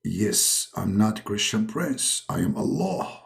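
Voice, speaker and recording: A man voicing a grave, deep-voiced divine figure who speaks slowly and solemnly, drawing out his words. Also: very animated, gravelly, exaggerated voice. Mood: gruff. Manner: slow, drawn-out, mock-solemn, droning.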